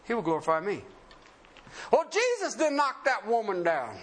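A man preaching a sermon, asking rhetorical questions and swinging between emphatic highs and low murmurs, laughing often. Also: wildly swooping pitch, normal speed, a bit bright.

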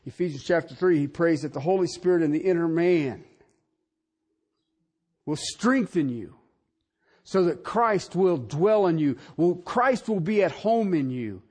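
A middle-aged male pastor preaching a sermon, swinging from soft asides to shouted emphasis. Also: a little high, animated, a little slow, slightly rough.

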